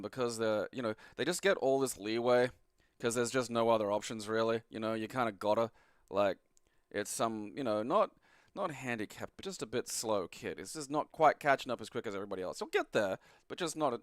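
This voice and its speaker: An Australian man at an ordinary middle pitch gives loose, rambling gameplay commentary, full of swearing and sarcastic asides. He sits close to the mic in a dead, dry space with no room sound. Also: brisk, no echo. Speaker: retro game reviewer.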